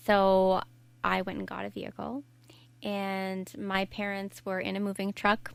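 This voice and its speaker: A woman's voice: medium pitch, gravelly, sharp tone, clean tone, no echo. A young adult woman, a podcast guest, earnestly telling her own story in candid conversation, often restarting her sentences. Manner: earnest, reflective, frequent restarts. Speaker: podcast guest, life coach.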